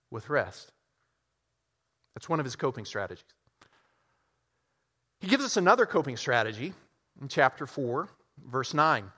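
A man preaching a sermon, telling a story and acting out its characters with lively swings in his voice. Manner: animated, acts out characters with big pitch swings. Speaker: pastor. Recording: long hall reverb.

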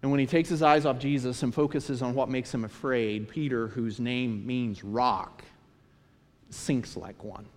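A man preaching a sermon, retelling scripture and stories in an animated storytelling manner. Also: mid-range voice, normal speed, hardly any pauses. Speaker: pastor. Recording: long hall reverb.

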